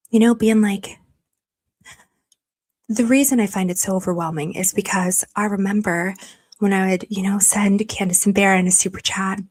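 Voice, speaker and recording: A woman's voice: medium pitch, darkish tone. Female streamer, casual chat to viewers; emotional, gushing, rambling delivery. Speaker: livestream host.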